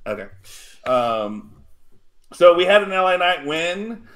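A man hosting a casual wrestling podcast, halting with many ums as he puts questions to the panel. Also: sits high, big pitch swings, fairly bright tone. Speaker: podcast host. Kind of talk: casual chat.

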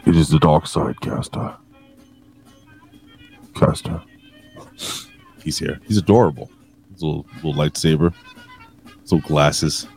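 A man's voice: very deep voice, measured pace, gravelly, pauses often, darkish tone, soft background music. A man co-hosting a wrestling talk show, rambling and cursing while joking around. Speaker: wrestling podcast co-host. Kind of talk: casual chat.

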